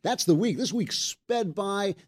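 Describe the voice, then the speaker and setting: A man's voice: sits high, measured pace. A man hosting his own talk podcast, interviewing a guest and then chatting wryly with frequent laughs. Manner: wry, laughs often, lively delivery. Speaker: podcast host. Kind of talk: interview and monologue.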